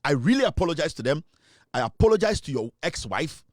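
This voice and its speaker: A man's voice: on the high side, sing-song, fast, dry recording, studio quality. A man hosting a live talk show, delivering repetitive, threatening accusations. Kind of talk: heated live commentary.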